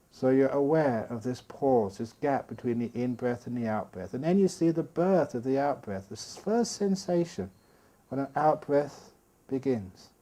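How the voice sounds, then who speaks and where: A man giving a calm, patient meditation talk at a retreat, speaking slowly with soft pauses. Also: medium pitch. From Australia. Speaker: meditation teacher. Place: retreat hall.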